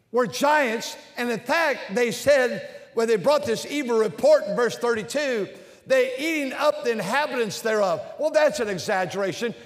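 A man's voice: very high voice, in a large hall. A man preaching an emphatic sermon as a Baptist preacher, leading his congregation in call-and-response. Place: large church with balcony and bleachers.

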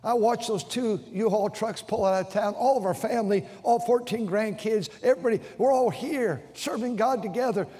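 In a large church auditorium, an older pastor preaches emotionally at a moderate pace with few pauses, stumbling over and restarting his words and repeating himself. His voice is high for a man, dark in tone, and a long, ringing reverb follows every word.

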